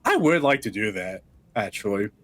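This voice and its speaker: Bright-voiced guy cohosting a comedy podcast, dry mic, chatty and goofy. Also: fairly low pitch, sing-song, normal speed, no room sound. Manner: playful, talkative, with restarts. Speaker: podcast co-host. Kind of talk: casual comedy chat.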